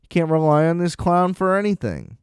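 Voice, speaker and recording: A man's voice: fairly high pitch, sing-song, brisk, a little mellow, clear, resonant tone, no room sound, studio quality. A man hosting a podcast, ranting about football in a blunt, profane, sarcastic way. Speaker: podcast host. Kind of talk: ranting sports commentary.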